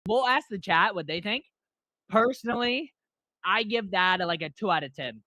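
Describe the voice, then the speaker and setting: A man's voice: sits high, expressive, moderate pace, pushed and bright, no room sound. A man streaming a game, chatting casually and chuckling with his AI co-host. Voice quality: laid-back, chuckling. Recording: slightly muffled dry mic.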